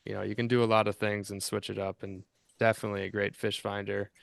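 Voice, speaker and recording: A man with a low, smooth voice rambles through a story as a podcast co-host, circling back and restarting as he goes. The recording is dry and close to the mic. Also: flat delivery, fast, dry recording. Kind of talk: casual fishing podcast chat.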